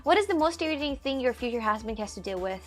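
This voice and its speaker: Walking outdoors in a city, a woman streamer chats casually with her live audience, reading their comments out loud and laughing a lot while faint music plays. She speaks very fast in an expressive voice on the high side.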